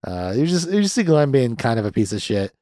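A man's voice: medium pitch, big pitch swings, a little fast, dark tone, dry recording, studio quality. A man in his thirties hosting a podcast, chatting casually and ramblingly about a film and swearing freely. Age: 30s. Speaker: podcast host. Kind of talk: casual movie review chat.

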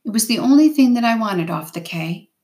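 A woman reading a novel aloud in first person with steady, unhurried storytelling. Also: on the high side. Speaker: reader.

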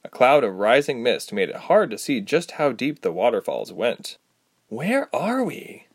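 A man narrating a fantasy storybook aloud, expressive and acting out each character. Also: medium pitch, normal speed, dry recording, studio quality.

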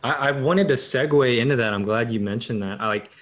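A man's voice: medium pitch, a little fast. A man hosting a casual interview, laughing easily and asking follow-up questions. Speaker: podcast host.

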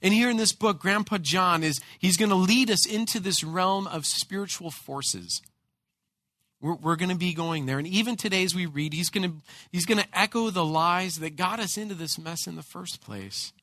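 A man preaching a sermon as pastor, telling a personal story in an animated way with frequent repeated words. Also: sits high, moderate pace, dry recording.

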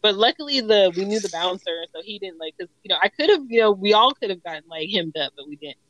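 A woman's voice: medium pitch, animated, quick pace, fairly bright tone. A woman co-hosting a podcast, telling a story in casual chat with lots of fillers and restarts. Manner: rambling, filler-heavy storytelling. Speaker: podcast co-host. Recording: dull, muffled, dry mic.

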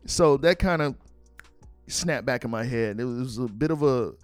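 A young man in a podcast monologue, telling a dating story in a loose, animated way. He swears casually and slips into quoted lines of dialogue. His mid-range voice sounds dry and close, with faint music under it. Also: medium pitch, unhurried, no room sound. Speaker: podcast host.

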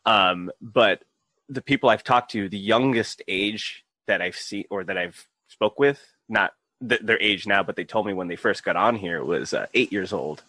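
A man's voice: lowish voice, normal speed, bright, forceful tone, no room sound. A man in his thirties hosting a podcast, chatting casually and swearing freely as he tells stories and acts out the people he quotes. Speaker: podcast host. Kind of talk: casual podcast chat, storytelling.

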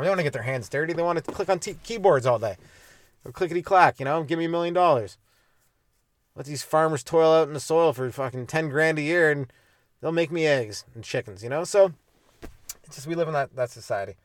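In a dry, studio-quality recording, a young Canadian man with a slightly high voice hosts a comedy podcast alone. The stand-up comedian rants solo, swearing and acting out small scenes in mock voices.

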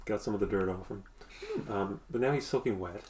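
A man's voice: on the low side, a little fast, darkish tone, a little hiss or hum. A man narrating a tabletop game as game master, hesitant and giggly. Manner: hesitant, with frequent fillers and giggles.

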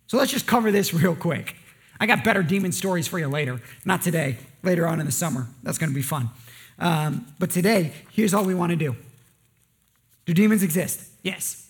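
High-voiced male pastor preaching. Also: fairly quick. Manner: conversational, joking asides, rhetorical questions. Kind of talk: sermon.

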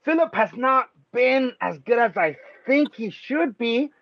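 A man with a high voice hosts a casual sports podcast, loose and excitable, swearing freely and laughing often. The sound is dry and a little dull, like a home lo-fi recording. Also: unhurried, dry recording. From Mexico. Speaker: podcast host.

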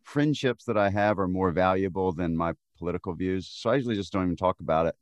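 An American man, a voice actor, talking as a guest in a casual interview, measured and a little hesitant. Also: deep voice, dry recording. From United States.

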